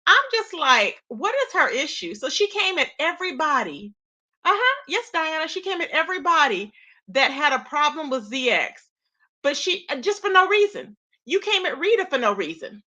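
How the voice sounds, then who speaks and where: Woman live-streamer, high and bright, sassy straight-talking host addressing chat. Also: very animated, normal speed. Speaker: livestream host. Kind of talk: casual live-stream commentary.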